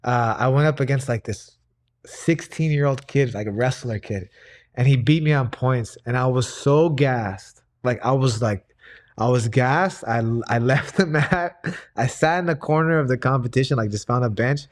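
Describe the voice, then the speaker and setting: A man's voice: medium pitch, normal speed. A young man telling a story in casual conversation, full of fillers and restarts. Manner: rambling, many fillers and restarts. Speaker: guest, grappling coach and personal trainer.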